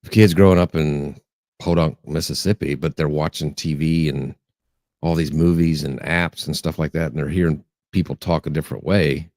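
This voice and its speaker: A man's voice: a bass voice, steady tone, moderate pace, a little mellow, no echo, studio quality. A man from Texas with a mild Texas accent, co-hosting a casual chat and telling easygoing stories. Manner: easygoing storyteller, laughs often. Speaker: podcast co-host.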